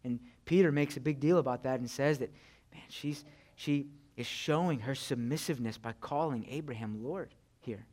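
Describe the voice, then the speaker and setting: A man's voice: mid-range voice, normal speed, darkish tone. A young man preaching a conversational sermon, chatty, with frequent "right?" and "you know". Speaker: pastor.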